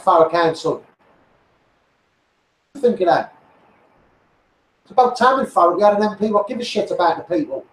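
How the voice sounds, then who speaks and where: A middle-aged man with a Liverpool accent, delivering a blunt, sweary, heated political rant as a street campaigner. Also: sits high. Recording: roomy echoey sound.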